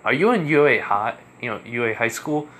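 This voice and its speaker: A man's voice: mid-range voice, expressive, a little fast, a bit bright, a little hiss or hum, close to an everyday voice. A man voicing a cool, aloof male hedgehog speedster in a dismissive tone.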